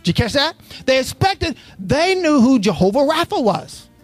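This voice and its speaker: Faint music plays behind a high-voiced preacher speaking at normal speed, with no echo, during a church sermon. The preacher reads scripture and has the congregation supply the missing words in call and response, rising from steady Bible reading to impassioned preaching.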